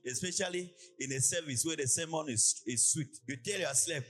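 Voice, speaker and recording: A man from Cameroon preaching a sermon in a church, with a sing-song preaching cadence and lively illustrative asides. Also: on the high side, brisk, few pauses, faint music behind. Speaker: pastor.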